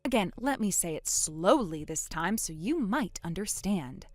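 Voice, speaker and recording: A woman narrating a text message story as the wife, trading sharp, sarcastic comebacks. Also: on the low side, animated, measured pace, hardly any pauses, dry recording.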